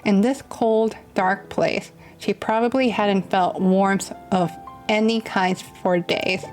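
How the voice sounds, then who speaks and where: A young woman streamer reading a visual novel aloud and reacting softly as it moves her. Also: mid-range voice, steady tone, takes it slowly. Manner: soft, emotional asides. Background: faint music.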